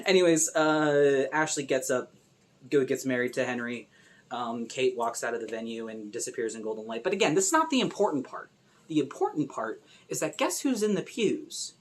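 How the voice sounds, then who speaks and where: A young woman recapping a film in a loose, sarcastic way, full of fillers. Her pitch leaps and dips constantly as she reacts. She sounds casual and chatty. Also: moderate pace. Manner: animated, sarcastic, lots of fillers. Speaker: video essay host. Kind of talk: casual movie recap commentary.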